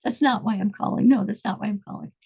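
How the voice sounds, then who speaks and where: A woman voicing a matter-of-fact male rabbi's secretary who talks in a brisk, hurried way. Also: mid-range voice, fairly even intonation, creaky, dark tone, husky, muffled recording.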